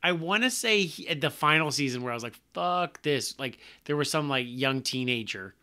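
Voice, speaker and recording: Male podcast co-host, bright forceful tone, excitable and stumbling, swears freely. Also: medium pitch, brisk. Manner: animated, swears casually, stumbles over words. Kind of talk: casual chat.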